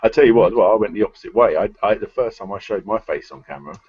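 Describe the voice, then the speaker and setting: A man's voice: fairly low pitch, very fast, breathy edge, no room sound. A man hosting a casual live-stream chat, talking loosely and swearing now and then. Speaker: show host. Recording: dull lo-fi sound.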